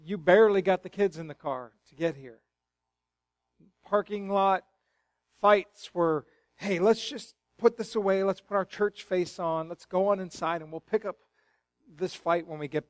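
A middle-aged man preaches a sermon in a church sanctuary, his voice sitting high for a man. He swings between quiet, hushed storytelling and loud, fervent exclamations. The sound is dry and close, with little room echo. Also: unhurried. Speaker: pastor.

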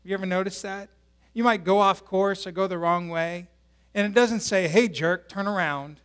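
High-voiced pastor chatting through a sermon. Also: male voice, steady tone, normal speed, smooth. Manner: conversational, asks the congregation questions. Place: church service.

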